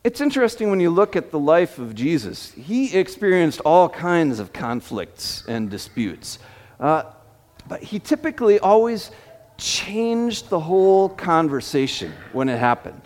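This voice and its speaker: Lively high-voiced pastor in a reverberant hall. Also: male voice, a little slow. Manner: storytelling with repeated fillers and restarts. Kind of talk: sermon.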